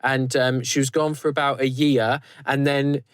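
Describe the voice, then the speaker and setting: A man's voice: medium pitch, level tone, normal speed, clean tone, no room sound, clean studio sound. A man hosting a podcast in casual chat, rambling loosely with many restarts. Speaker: podcast host.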